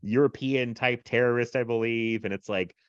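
A man's voice: medium pitch, fairly even intonation, moderate pace, clear, resonant tone, no echo, muffled recording. A man co-hosting a podcast in casual chat, rambling with lots of fillers and frequent laughs. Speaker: podcast co-host.

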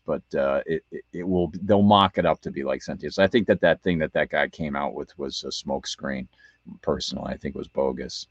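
A man's voice: low-pitched, dry recording, dull audio. A man co-hosting a talk radio show, telling a rambling story with many restarts. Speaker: radio co-host. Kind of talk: casual anecdote on talk radio.

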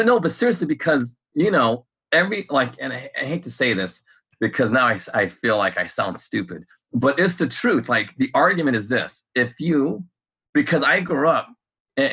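A man chatting casually on a podcast, his voice bright and forceful with a husky edge. He rambles, restarts his sentences and fills gaps with "you know" and "like". His tone stays animated and loose. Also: medium pitch, normal speed. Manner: laughs often while talking. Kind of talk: casual chat.

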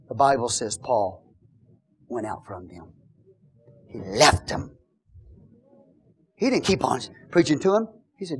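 A man preaching a Pentecostal sermon, moving between fervent shouted praise and quieter teaching. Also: mid-range voice, sing-song, takes it slowly, pauses often.

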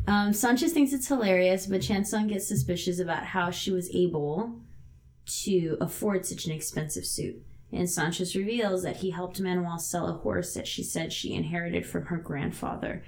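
A woman co-hosting a podcast, recapping a drama episode in a steady way with dry asides. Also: on the low side, moderate pace. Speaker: podcast co-host.

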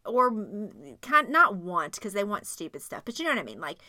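Rambling wife in her forties, bright voice, casual chat, dry recording. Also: medium pitch, very animated, normal speed, dry recording. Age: 40s.

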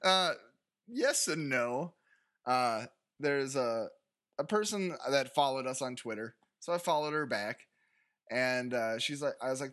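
An American man in his thirties trades dry, teasing jokes with his podcast co-host. His voice sits at a middle pitch with a bright, forceful tone. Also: a little slow. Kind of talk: casual chat.

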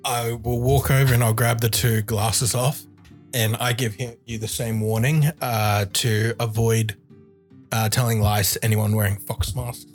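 A man's voice: mid-range voice, little pitch movement, measured pace, faint music behind. A man playing a tabletop game, talking in a laid-back, blunt way. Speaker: player. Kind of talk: casual tabletop play.

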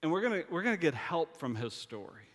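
A man's voice: on the high side, very animated, fast, a bit bright. A man preaching a sermon as a pastor, casual and joking, often stammering and restarting his sentences. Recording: long reverb of a large hall.

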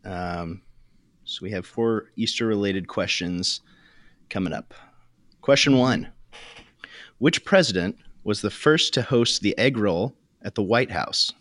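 A low-pitched man stepping in as the quiz host, modest and a bit halting as he reads trivia questions. His voice sounds dry and close, with no room echo. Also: lively intonation, fairly bright tone. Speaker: guest quizmaster. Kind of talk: casual chat, reading trivia questions.

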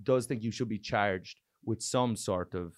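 An Irish man, a comedian, chatting casually and telling profane, animated stories. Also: fairly low pitch, unhurried, no echo, studio quality. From Ireland. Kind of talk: casual podcast chat.

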